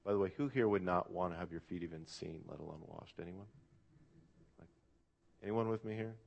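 Pastor guy giving a sermon, lowish voice, earnest and thoughtful, lots of uh's, asks the crowd stuff. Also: fairly quick, vocal fry, a little mellow, muffled recording. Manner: earnest, reflective, asks the audience questions, frequent "uh" fillers.

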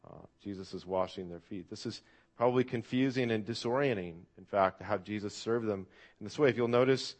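A man's voice: fairly low pitch, a little fast. A man preaching a sermon to a church congregation in an earnest, reflective way. He often asks the listeners questions and uses "uh" fillers. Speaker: pastor.

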